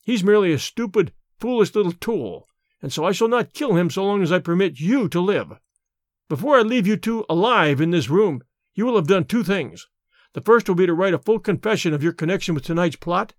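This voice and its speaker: A man voicing a jungle-raised hero who speaks in a low, measured, threatening tone. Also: no room sound, clean studio sound.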